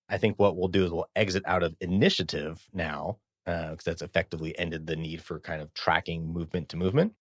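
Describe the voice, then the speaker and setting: Deep-voiced male game master. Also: no echo, clean studio sound. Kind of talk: narrating a tabletop game.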